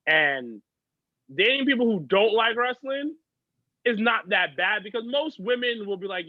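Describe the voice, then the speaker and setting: A man's voice: sits high, lively intonation, unhurried, no echo, phone-quality sound. A man, a guest on a podcast, telling stories in chatty, profane casual conversation. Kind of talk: casual chat.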